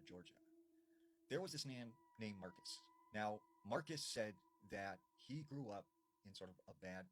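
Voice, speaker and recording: A man's voice: fairly low pitch, fairly bright tone, a little hiss or hum. A young man casually retelling scary stories, chatty and full of "you know" and "like". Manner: conversational, retells accounts with lots of "you know" and "like". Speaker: storyteller. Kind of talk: creepy storytelling.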